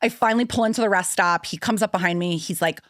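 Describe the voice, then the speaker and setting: A young woman tells a story on a casual podcast. She talks animatedly and jumps up high when she acts out what people said. Her voice is recorded close and dry. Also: quick pace, dry recording. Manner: animated storyteller acting out quotes in a high excited voice. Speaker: podcast co-host.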